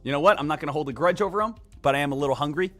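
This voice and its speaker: A man streaming live market commentary, energetic and emphatic, repeating key points and joking with viewers. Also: a little high, rapid-fire, soft background music. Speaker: day trading live streamer.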